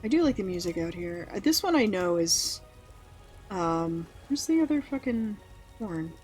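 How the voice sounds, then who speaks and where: A woman's voice: lowish voice, big pitch swings, moderate pace, a little mellow, soft background music. A woman streaming a game, chatting casually, thinking aloud and swearing now and then. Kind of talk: casual let's-play chat.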